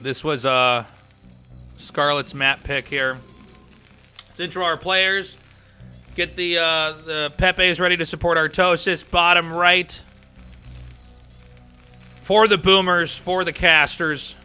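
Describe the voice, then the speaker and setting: A man's voice: a little high, fairly even intonation, slow pace, long pauses, pushed and bright, clean tone, faint music behind. A man hosting a game stream, casting a match and chatting casually with viewers. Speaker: caster and stream host.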